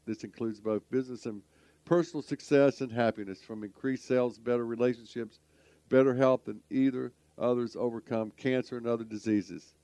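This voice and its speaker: A man's voice: medium pitch, warm tone, no echo. A man hosting a radio talk show, folksy and rambling, often stumbling over his words. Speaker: podcast host.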